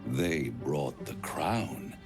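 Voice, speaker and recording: An actor voicing an ancient scheming male devil in a video game, with a deep, theatrical, relishing drawl. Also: lively intonation, very slow, exaggerated voice. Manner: grand, relishing, mocking delivery. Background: game music.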